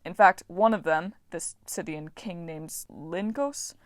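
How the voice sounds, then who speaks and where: A woman's voice: lowish voice, measured pace, no room sound, clean studio sound, lightly acted. A woman voicing an eccentric, self-absorbed male farming god, chatty and enthusiastic, in a storybook reading.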